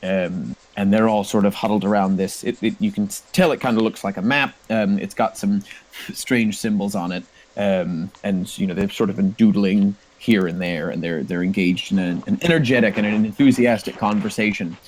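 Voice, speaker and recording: A man's voice: lowish voice, moderate pace, darkish tone, rough recording. A man narrating a tabletop role-playing game as game master, with many fillers and restarts.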